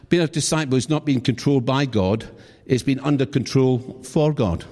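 A man's voice: medium pitch, normal speed, hardly any pauses, darkish tone. A middle-aged British man preaching a sermon, telling humorous stories and asking the audience questions. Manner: humorous, chatty storytelling with asides to the audience. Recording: long hall reverb.

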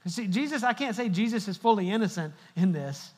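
A man's voice: high voice, lively intonation, fairly quick. A middle-aged male pastor giving a humorous sermon, telling stories and joking with the congregation. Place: large church hall. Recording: long hall reverb.

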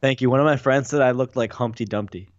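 A man's voice: medium pitch, fast, no room sound. Chill guy guesting on a podcast, teasing, dull dry call audio. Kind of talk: casual chat.

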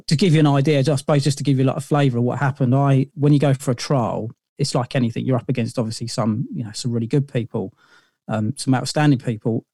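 A man's voice: mid-range voice, mellow, dry recording, clean studio sound. A middle-aged man, a podcast guest telling long stories in a rambling way, full of fillers and restarts. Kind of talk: casual interview storytelling.

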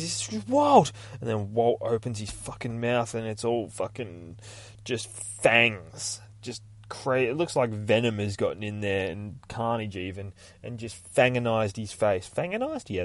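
A man hosting a podcast, casually recapping a comic book in a rambling, sweary, excitable way. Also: medium pitch, no echo. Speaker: podcast host.

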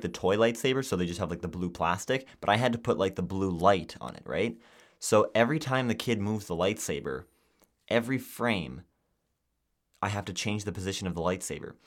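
A young man co-hosting a podcast, chatting casually and telling animated stories full of fillers. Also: lowish voice, moderate pace. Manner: animated storytelling with lots of fillers. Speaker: podcast co-host. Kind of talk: casual chat.

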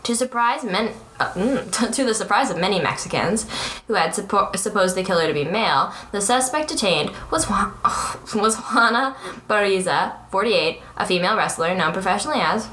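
A woman's voice: medium pitch, lively intonation, normal speed, few pauses, pushed and bright. Giggly young woman reading a crime case aloud, tripping on words, in a roomy space. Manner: giggly, stumbles over words while reading. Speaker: podcast co-host. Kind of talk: casual true-crime chat, reading aloud.

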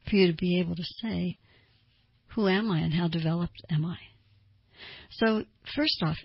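Woman therapist, advice talk, earnest, rhetorical questions, gravelly voice, dull dry lo-fi recording. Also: on the low side, no echo.

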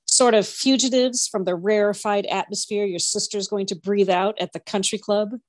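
A woman's voice: medium pitch, fairly even intonation, moderate pace, dry recording, lightly acted. A woman voicing an easygoing teenage boy with a wry, chuckling way of speaking.

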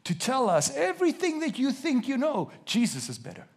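A man preaching a sermon to a congregation in a church, reading scripture slowly and with emphasis, putting questions to his listeners and joking now and then. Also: very high-pitched, wildly swooping pitch, husky.

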